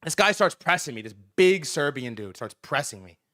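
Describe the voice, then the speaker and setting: A man's voice: on the high side, animated, normal speed, a bit bright, no room sound, studio quality. A young man hosting a livestream, casually telling a rambling story with lots of fillers and repeats, his voice jumping up when he quotes himself. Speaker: livestream host.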